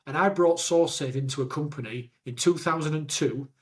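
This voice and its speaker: A man with a Yorkshire accent hosting a podcast, telling animated stories and acting out what people said. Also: a little high, fairly quick. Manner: animated storyteller, acts out quotes. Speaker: podcast host. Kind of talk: casual conversation.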